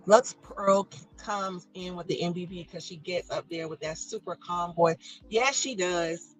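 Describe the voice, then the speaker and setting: A bright, clear-toned middle-aged woman talking casually to her live chat audience. She laughs easily and enunciates each syllable, with soft music playing faintly behind her. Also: mid-range voice, normal speed, poor audio. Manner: chatty, laughing, pronounces every syllable. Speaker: livestream host reading chat.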